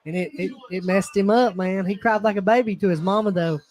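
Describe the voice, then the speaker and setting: A man's voice: high voice, fairly even intonation, brisk, darkish tone. A man hosts a casual watch-along of a fight. He laughs often and tells his stories by acting out the voices of the people in them. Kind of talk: casual chat, storytelling.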